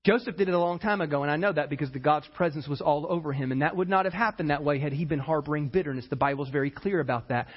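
A pastor preaching a sermon in an animated way, acting out the people in his story as he goes. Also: a little high, very fast, hardly any pauses, breathy edge, muffled recording. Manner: animated preacher, acts out quoted voices.

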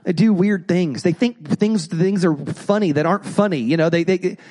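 Casting note: male pastor with a high voice, animated sermon delivery, slips into quoted voices. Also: normal speed.

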